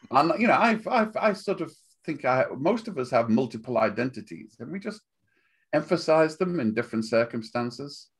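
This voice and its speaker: An older man with a Liverpool accent, chatting as a guest in a relaxed interview, wry and rambling, often laughing at his own jokes. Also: mid-range voice, moderate pace, husky. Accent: Liverpool (Scouse). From Liverpool, England.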